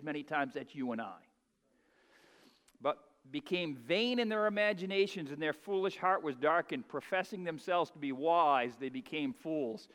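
A man preaching a sermon in a folksy way, building to loud, emphatic peaks. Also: on the high side, in a large hall. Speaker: pastor.

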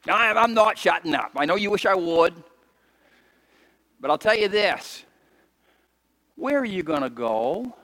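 A male pastor preaching with a high, bright, forceful voice. He swings from fervent near-shouts to hushed, tender lows. His voice rings out with a long reverb through a church hall. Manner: impassioned preaching that rises to shouts and drops to soft intimate lows. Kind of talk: sermon.

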